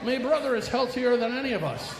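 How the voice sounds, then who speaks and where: A man's voice: extremely high pitch, lively intonation, brisk, big-room sound, crowd noise. A man voicing a sly Irishman in a pub joke, using a put-on Irish brogue with "aye" and "me father".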